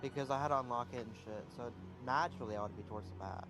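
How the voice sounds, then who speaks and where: A man's voice: mid-range voice, racing, music in the background. A man playing a tabletop game, talking in a laid-back, blunt way. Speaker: player. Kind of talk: casual chat in a tabletop game.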